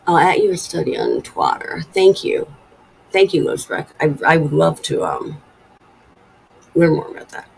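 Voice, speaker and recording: A woman's voice: deep voice, big pitch swings, moderate pace, gravelly, pauses often, husky, poor audio. A woman in her forties hosting a casual live stream from home, rambling and chatty as she reads viewer comments aloud. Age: 40s. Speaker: livestream host.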